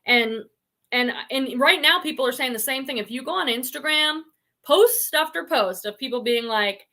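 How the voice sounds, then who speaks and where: A woman's voice: fairly high pitch, expressive, normal speed, sharp tone. A middle-aged woman hosting a casual live stream about online reselling, chatting and reading viewer comments aloud. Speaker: reselling channel host.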